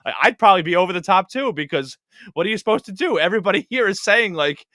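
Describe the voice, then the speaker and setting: A man co-hosting a podcast, recapping a reality show in a rambling, animated way. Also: sits high, fast, no room sound, studio quality. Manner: rambling, animated, acts out quotes. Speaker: podcast co-host. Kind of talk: casual reality TV recap chat.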